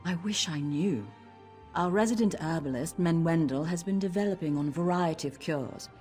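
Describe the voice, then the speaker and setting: An actress voicing a stern dark elf woman who serves as a tower steward in a video game, speaking in a measured, formal way. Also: fairly low pitch, faint music behind, close to an everyday voice. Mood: grave. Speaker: game character.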